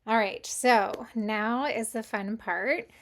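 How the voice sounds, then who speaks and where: A woman hosting an intuitive crystal reading, talking in an easygoing, casual way with frequent filler ums. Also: a little high. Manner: unhurried, gentle, many filler ums.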